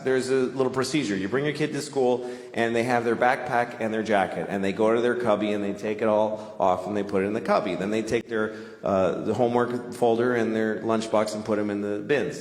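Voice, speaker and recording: A man from Boston performing a profane stand-up comedy set on stage, ranting with loud shouted bits. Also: medium pitch, slight background noise. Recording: echoey room with audience laughter.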